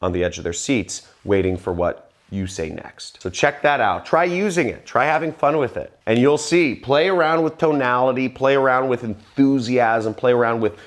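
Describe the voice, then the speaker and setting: A man hosting his own video channel, talking to camera with confident, emphatic sales advice, his phrases often dropping low and quiet at the end. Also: normal speed, hardly any pauses. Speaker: online business vlogger. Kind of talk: direct-to-camera sales tips talk.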